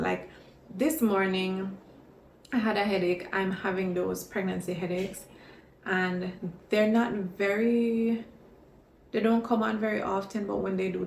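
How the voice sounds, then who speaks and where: Chatty woman with a gravelly voice. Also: medium pitch, a little hiss or hum. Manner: expressive, chatty storytelling. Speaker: vlogger. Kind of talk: casual pregnancy vlog chat. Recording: echoey room.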